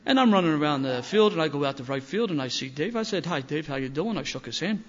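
An older man from Philadelphia shares his recovery story with an audience, rough-edged and self-mocking, his voice fairly high for a man. He talks expressively at a quick pace, growing louder and livelier as the tale builds. The recording sounds dull and lo-fi.

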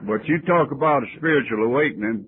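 A man's voice: medium pitch, fast, husky. A man telling his personal story at a recovery meeting in a folksy, wry, self-mocking way. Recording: muffled lo-fi old tape, faint hiss.

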